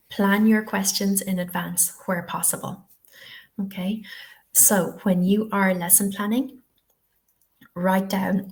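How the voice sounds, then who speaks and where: This woman from the west of Ireland has a medium-pitched, slightly mellow voice. She presents a live online teacher-training webinar, chatty and encouraging, often checking in with "okay?"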